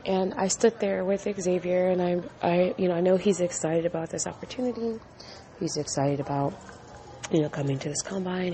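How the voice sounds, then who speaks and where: A woman's voice: mid-range voice, a little mellow, a little hiss or hum. A middle-aged woman hosting a podcast, telling a personal story in an earnest, emotional way and repeating phrases for emphasis. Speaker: podcast host.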